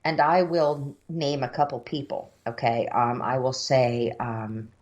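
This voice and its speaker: A woman's voice: rumbling low, fairly even intonation, a little slow, a little mellow. A woman co-hosting a podcast in casual chat, talkative and self-deprecating. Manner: chatty, self-deprecating, laughs easily. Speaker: podcast co-host.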